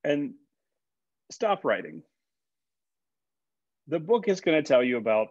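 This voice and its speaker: A man's voice: mid-range voice, expressive, unhurried, gravelly, pauses often, no room sound. A man, a college instructor, giving a conversational classroom lecture with fillers and repeated words. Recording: dull, dry lecture recording.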